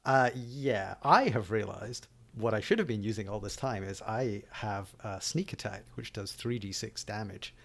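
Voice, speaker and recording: A man playing a tabletop game, talking casually and halting as he thinks aloud. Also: on the low side, creaky, a bit bright. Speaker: player.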